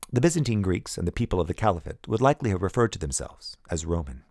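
A man narrating an audiobook in the first person, in an even storytelling manner. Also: low voice, quick pace, few pauses, no echo, clean studio sound.

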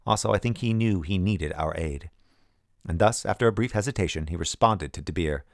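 A man narrating an audiobook in the first person, in an even storytelling manner. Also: sits low, brisk, creaky, no echo, clean studio sound.

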